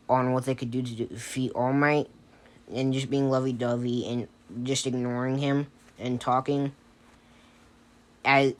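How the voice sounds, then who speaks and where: Man telling a story off the cuff, slow pace, hesitant, lots of fillers, casual. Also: medium pitch. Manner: hesitant, many fillers and restarts. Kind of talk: improvised fan-fiction storytelling.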